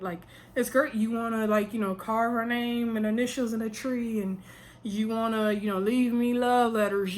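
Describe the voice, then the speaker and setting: A woman's voice: fairly high pitch, slight background noise. A woman in a casual vlog, chatting with emphasis and talking straight to her viewers as she recaps a reality show.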